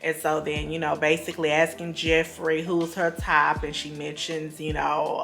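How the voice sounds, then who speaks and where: A woman's voice: sits low, little pitch movement, moderate pace, gravelly, hardly any pauses, a bit bright, soft background music. Chatty woman gossiping over a recap. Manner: chatty, gossipy, full of fillers and asides. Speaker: show recap vlogger. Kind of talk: casual reality-show recap.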